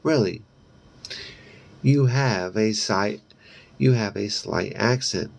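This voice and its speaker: A friendly, curious teenage boy who chats easily with a newcomer in class, read by a man. The voice sits a bit higher than the reader's own and keeps a gravelly edge. It moves at a slow, deliberate pace. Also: noisy background.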